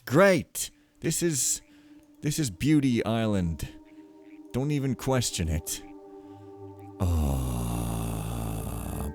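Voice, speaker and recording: A man's voice: on the low side, big pitch swings, extremely slow, long pauses, darkish tone, breathy edge, soft background music. Rambling, jokey male game commentator. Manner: rambling, jokey, full of fillers. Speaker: let's play host. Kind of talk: casual gameplay commentary.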